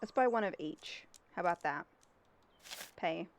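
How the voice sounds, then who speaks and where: A woman's voice: lowish voice, expressive, a little slow, slight background noise, low-quality recording. Casual streamer: young woman, chatty, reacting to a game and talking to chat.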